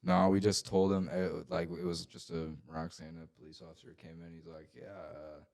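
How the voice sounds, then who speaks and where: A man's voice: deep voice, level tone, fairly quick, creaky, darkish tone. A young man co-hosting a podcast, chatting in a laid-back way and laughing easily. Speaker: podcast co-host. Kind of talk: casual chat.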